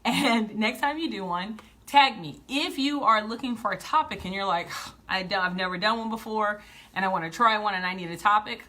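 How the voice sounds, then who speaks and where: A woman coaching on camera in a live video tutorial, upbeat and animated, walking around her indoor office as she talks. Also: medium pitch, a little fast.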